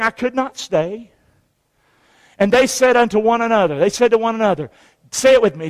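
High-voiced preacher in a hall. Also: male voice, animated, moderate pace, pauses often. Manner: preaching call-and-response, rising to shouts. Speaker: pastor. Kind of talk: sermon. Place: church sanctuary.

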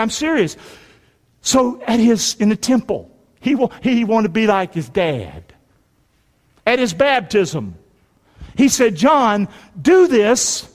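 A male pastor preaching a sermon in a folksy, emphatic way, calling for amens and swinging between shouts and quiet asides. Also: high voice. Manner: call-and-response preaching, asks the congregation for amens. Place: church. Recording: preaching in a reverberant hall.

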